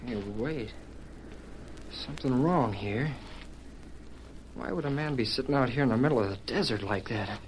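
An actor playing an eager, excitable teenage rider who talks to himself and his horse, in 1940s radio acting style. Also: mid-range voice, moderate pace, pauses often, lightly acted. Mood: wary. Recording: crackly vintage radio recording.

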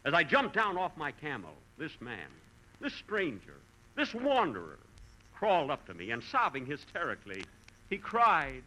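Host for a 1940s radio comedy; male, dry put-upon delivery, bright voice, lively pitch. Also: normal speed, rough recording. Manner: mock-dramatic storytelling.

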